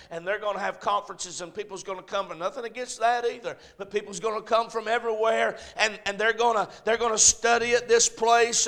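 Male pastor, very high pitch, fervent pulpit preaching that rises to shouts. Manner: impassioned preaching, swinging from hushed to shouting. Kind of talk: sermon. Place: church sanctuary.

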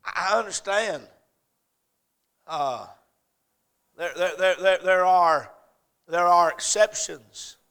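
A middle-aged man preaching a sermon, swinging between loud urgent points and soft storytelling. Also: high voice, slow, pauses often, clean tone.

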